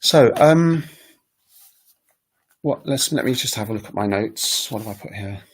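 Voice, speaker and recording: A man's voice: on the low side, expressive, measured pace, husky. A man teaching on a casual livestream, talking in a rambling, hesitant way with many fillers. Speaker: language teacher and recorder player. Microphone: webcam livestream setup.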